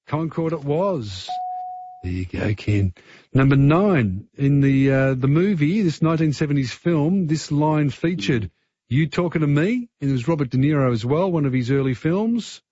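A man's voice: fairly high pitch, expressive, moderate pace, mellow, husky, dry recording, lo-fi sound. A man with an Australian accent hosting a talkback radio quiz, chatty and easygoing. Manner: chatty, easygoing, filler-heavy.

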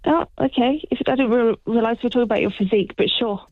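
A woman calling into her husband's radio show, teasing him in a relaxed, just-woken way. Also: fairly high pitch, fast, no room sound. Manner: teasing, sleepy, laughing. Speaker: host's wife calling in. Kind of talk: casual phone chat. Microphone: phone. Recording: dull phone line.

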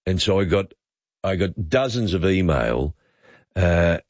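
Australian overnight radio host, low voice, dry studio sound, slightly dull audio; chatty, wry. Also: male voice, animated, a little slow, no echo. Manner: chatty, wry, reads out listener messages. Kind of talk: late-night talk radio chat. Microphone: studio microphone.

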